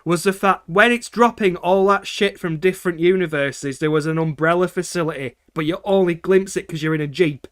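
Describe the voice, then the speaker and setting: A man with a slightly raised pitch rants his way through a casual game stream. He swears freely and laughs between his points. The sound is dry and close, with no room around it. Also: brisk, few pauses, a bit bright, dry recording. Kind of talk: casual livestream chat.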